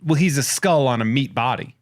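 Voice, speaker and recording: A man hosting a podcast in casual comedic chat, rattling off wry, crude shout-outs and jokes. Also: medium pitch, fairly quick, no room sound, studio quality. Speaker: podcast host.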